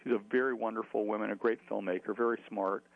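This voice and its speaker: A man's voice: on the low side, fairly even intonation, fast talker, gravelly, phone-quality sound. A man telling a long story in an interview, chatty, with many fillers and restarts. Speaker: author.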